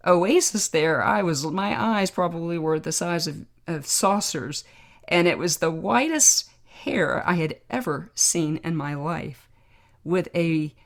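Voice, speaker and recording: A middle-aged woman hosting a podcast, telling a personal story in a reflective, emotional way with pauses. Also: on the low side. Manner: reflective, emotional, pausing to remember. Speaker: podcast host, trauma doctor.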